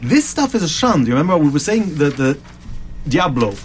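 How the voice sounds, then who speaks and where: A man's voice: a little high, very animated, brisk. A middle-aged man hosting a casual chat about games, talking in long rambling stretches with restarts and tangents. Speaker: podcast host. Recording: faint background noise.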